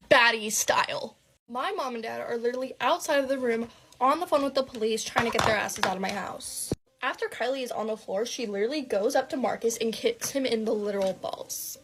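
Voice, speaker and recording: A young woman telling a wild personal story in casual storytime style, fast and dramatic, with lots of "like" fillers and swearing. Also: on the high side, fairly bright tone, a little hiss or hum.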